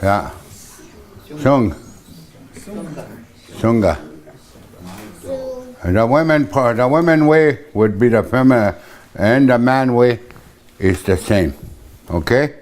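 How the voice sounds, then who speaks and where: Slow, halting older male teacher. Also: medium pitch, a little mellow. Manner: hesitant, many fillers, repeats words slowly. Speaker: language teacher. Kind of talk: teaching vocabulary, casual and halting.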